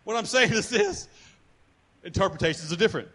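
Speaking fairly quickly in a high voice, a pastor delivers an animated sermon. He repeats words to drive his points home, asks the congregation to answer back, and softens to a hush for personal anecdotes.

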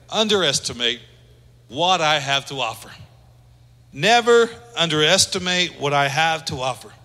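Pastor, male, high bright voice, casual preaching with acted-out quotes, church hall reverb. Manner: conversational preaching, acts out quoted speech. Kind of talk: sermon.

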